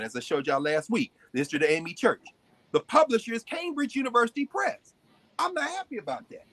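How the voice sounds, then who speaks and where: Animated, high-pitched male lecturer. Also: breathy edge, dry recording. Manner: emphatic, repeats words when building a point. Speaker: host and lecturer. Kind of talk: animated classroom talk.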